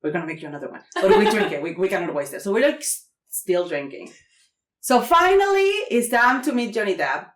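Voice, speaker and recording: A woman's voice: medium pitch, brisk. Mexican-accented woman telling a funny story. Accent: Mexican Spanish. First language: Spanish. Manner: animated, acts out quotes with squeals and laughter. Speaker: podcast guest. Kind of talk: comedic storytelling. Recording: roomy echo.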